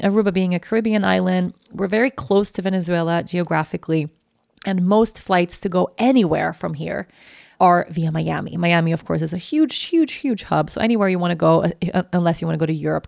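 Casual podcast host, young woman, lively and chatty, some vocal fry, close dry sound. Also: on the low side, no echo. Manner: chatty, animated, heavy use of "like". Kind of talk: casual storytelling monologue.

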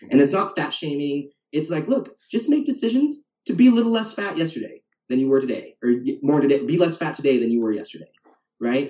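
Here the man's voice sits at medium pitch and sounds mellow as he, a fitness coach, talks casually on a podcast. Talkative, he tags "right?" onto the end of his points, and the sound is distant, roomy, dull and lo-fi.

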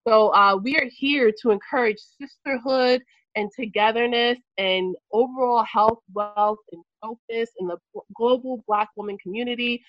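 A woman's voice: fairly high pitch, moderate pace, dry recording, dull audio. A playful woman hosting a casual group podcast, laughing often as she introduces the guests. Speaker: podcast host and company CEO.

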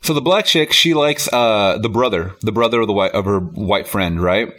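A man's voice: fairly low pitch, moderate pace, fairly bright tone. A man reviewing a film in casual podcast chat, rambling with lots of fillers and easy laughs.

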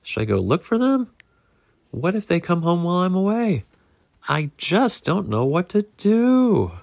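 A man putting on a fretful little storybook egg, a fussy male character whose voice bounces up and down and lifts well above a plain speaking tone. The delivery is lively and unhurried, with a gravelly edge. The sound is dry and close. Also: no echo, exaggerated voice. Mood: anxious. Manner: lively, rising to a nervous pitch. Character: fretful male egg who stays home.

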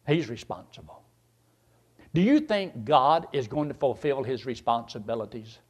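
An older man preaching a sermon. He drops to quiet asides, then climbs into loud, shouted runs. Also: medium pitch, very animated, normal speed.

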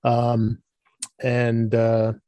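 A man interviewed about his game publishing, relaxed and stumbling over his words. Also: medium pitch, very slow, dry recording. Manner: relaxed, stammering restarts. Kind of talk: casual interview chat.

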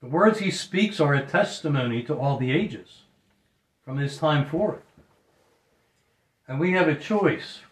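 A man's voice: a little high, lively intonation, unhurried, pauses often. A man preaching a sermon earnestly, often repeating phrases for emphasis. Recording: roomy echo.

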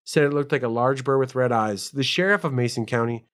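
A man co-hosting a podcast, reading notes aloud and riffing in casual, profane, excitable chat. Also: medium pitch, brisk. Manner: swearing, excitable, ramps up when telling stories. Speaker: podcast co-host.

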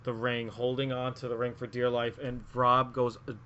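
A man rambles through his picks as a podcast co-host, circling back with frequent ums and restarts. His voice sits at an ordinary middle pitch. The recording is muffled and lo-fi, with a faint hiss underneath. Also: monotone, normal speed, sharp tone. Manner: rambling, lots of filler words and restarts. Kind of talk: casual wrestling podcast chat. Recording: muffled lo-fi audio.

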